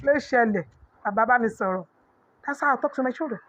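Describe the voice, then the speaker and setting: Nigerian woman, middle-aged, high voice, preachy parenting coach, dull lo-fi sound. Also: quick pace, fairly bright tone. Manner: preachy, mixes in Yoruba proverbs. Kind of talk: motivational parenting talk. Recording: dull lo-fi audio.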